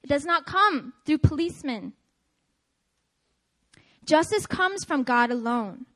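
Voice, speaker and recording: A woman giving a testimony-style sermon at a prayer meeting, energetic and emphatic, often laughing as she speaks. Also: high voice, slow pace. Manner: emphatic, repetitive preaching cadence.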